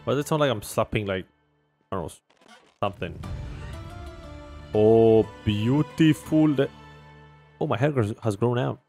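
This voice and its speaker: A man giving casual gameplay commentary as a gaming YouTuber, talking to himself and jumping from loud outbursts to mumbling. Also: mid-range voice, expressive, brisk, creaky, long pauses, faint music behind.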